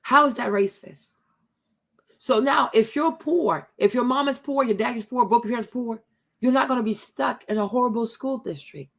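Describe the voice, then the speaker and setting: This young woman from the Ivory Coast runs her own channel and casually tells her viewers a story, calling them y'all and repeatedly asking "right?" Her voice is a little high with some vocal fry, and she keeps a moderate pace.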